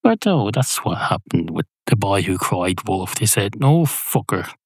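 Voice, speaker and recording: A man hosting a podcast, rambling through an improvised comic monologue in a deadpan way, with sudden high yelps and swearing. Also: measured pace, slightly rough, no room sound. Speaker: podcast host.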